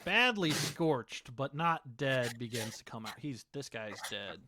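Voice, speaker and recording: A man narrating as game master of a tabletop game, unhurried and full of fillers. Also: medium pitch, lively intonation, noisy background.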